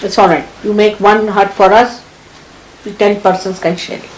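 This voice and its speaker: A woman's voice: medium pitch, fairly even intonation, normal speed, rough recording. A woman with an Indian accent giving a sermon to her followers in a scolding, exasperated manner, her tone swinging widely. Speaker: spiritual teacher. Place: hall. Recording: archival 1983 talk with faint background noise.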